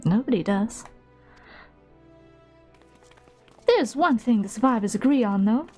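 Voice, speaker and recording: A woman's voice: a little high, lively intonation, fairly quick, mellow, faint music behind. A woman voicing a shrewd middle-aged female guild innkeeper in a slight put-on southern drawl, reading game dialogue aloud in character. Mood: wistful.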